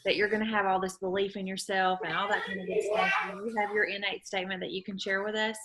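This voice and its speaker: A woman's voice: mid-range voice, flat delivery, fast. A woman hosting a video call, encouraging and teasing the group in casual chat. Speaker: meeting host. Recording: loud background noise on a video call.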